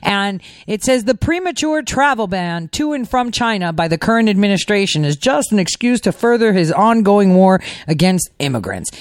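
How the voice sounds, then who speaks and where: A woman's voice: mid-range voice, no room sound, clean studio sound. A middle-aged woman hosting a political podcast, giving sarcastic, rambling commentary in a conversational way. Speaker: podcast host.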